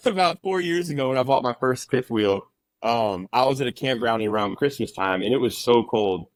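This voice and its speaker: A man's voice: mid-range voice, moderate pace, dry recording. A man in his thirties chatting casually on a podcast, telling a funny story with lots of laughter. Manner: animated storyteller, laughing often. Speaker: podcast guest. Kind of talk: casual chat.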